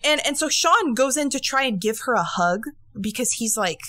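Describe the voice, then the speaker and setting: Animated woman telling a crime story. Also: a little high, fairly quick, few pauses, no echo. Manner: animated, swearing, acting out quotes. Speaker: podcast co-host. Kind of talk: casual true-crime podcast storytelling.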